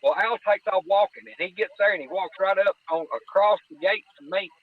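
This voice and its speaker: A man's voice: sits high, fairly even intonation, brisk, no echo. A man, telling a hunting-ground story in a casual way, with lots of quoted back-and-forth. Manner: vivid retelling with quoted dialogue. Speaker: guest storyteller. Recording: tinny phone-line audio.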